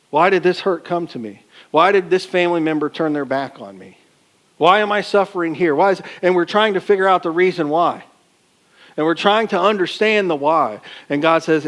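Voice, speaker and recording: A male pastor preaching a sermon in a folksy, colloquial way, asking the congregation rhetorical questions. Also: fairly high pitch.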